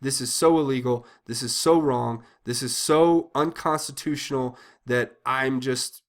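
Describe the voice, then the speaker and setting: A man hosting a political commentary channel delivers an agitated, indignant monologue in a medium-pitched voice at a slightly slow pace. He repeats himself often and keeps restarting his sentences.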